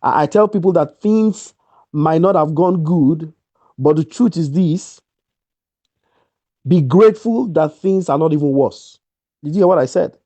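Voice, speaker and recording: A man's voice: fairly high pitch, a little slow, long pauses, dark tone, no room sound. Emphatic man giving a motivational talk. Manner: emphatic, repeats key lines. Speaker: guest speaker.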